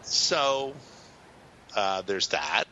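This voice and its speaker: A man's voice: fairly low pitch, expressive, extremely slow, bright, forceful tone, highs cut off, slight background noise. A man co-hosting a podcast in casual chat, rambling and hesitant with a lot of fillers. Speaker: podcast co-host.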